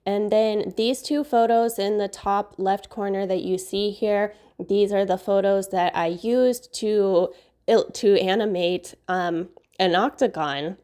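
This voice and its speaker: A woman hosting a software tutorial, upbeat and enthusiastic, her voice nasal from a recent cold. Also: medium pitch. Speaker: video tutorial host. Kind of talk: screen-recorded software tutorial.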